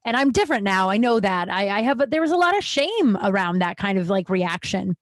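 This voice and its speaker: Candid woman podcaster, mid-pitched, chatty storyteller with restarts and swearing, dry recording. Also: big pitch swings, brisk, no room sound. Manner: frank, chatty, acts out quoted people with pitch jumps; profane, lots of likes and restarts. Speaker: podcast host.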